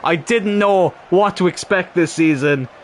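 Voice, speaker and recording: A man commentating his own football management game, cheering and shouting when goals go in. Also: sits high, unhurried, a little hiss or hum. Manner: excitable, shouts at goals, laughs. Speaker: gaming YouTuber.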